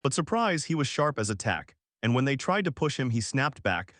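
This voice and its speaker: Brief: male recap narrator, animated swings in pitch, dry close sound, slangy punchy delivery. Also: dry recording. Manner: punchy, slangy retelling with quick restarts. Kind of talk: casual story recap narration.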